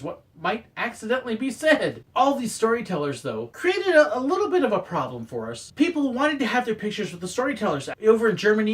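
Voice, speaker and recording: A man casually telling stories about his old theme park job, acting out quoted moments with sudden loud bursts. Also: sits high, far from the mic. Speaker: former theme park photographer sharing stories. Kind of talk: casual storytelling monologue.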